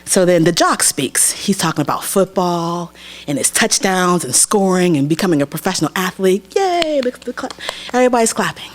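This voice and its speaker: Animated young woman telling a story. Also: fairly low pitch, normal speed. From Pennsylvania. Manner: animated, acts out other people's voices. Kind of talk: live personal storytelling. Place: theater stage.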